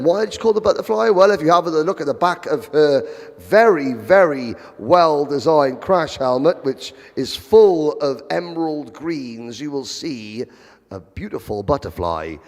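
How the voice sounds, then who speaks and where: A man giving live motorsport commentary, chatty with wry asides. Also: on the high side. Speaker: race commentator. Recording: long hall reverb.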